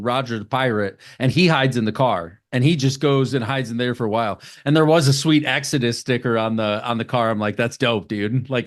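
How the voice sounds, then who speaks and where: Podcast co-host, casual recap, swears, quick silly voices for characters. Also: male voice, medium pitch. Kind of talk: casual movie recap chat.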